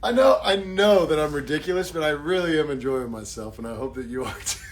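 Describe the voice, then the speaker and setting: Jokey man with a fairly high voice. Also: a little fast. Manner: jokey, self-mocking, warm thanks. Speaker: actor signing autographs on a live stream. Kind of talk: casual live-stream chat.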